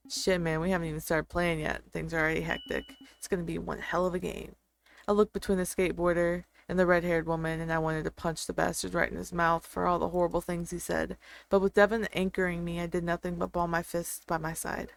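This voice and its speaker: A woman's voice: fairly low pitch, level tone, brisk, vocal fry, faint music behind. A woman narrating a story in a tense inner-monologue manner.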